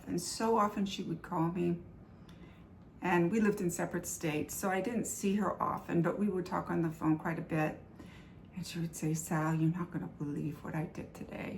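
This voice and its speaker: An older woman telling a personal story in a vlog, earnest and animated, acting out the quoted lines. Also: fairly low pitch, gravelly, a little hiss or hum. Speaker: vlogger sharing faith-based recovery stories.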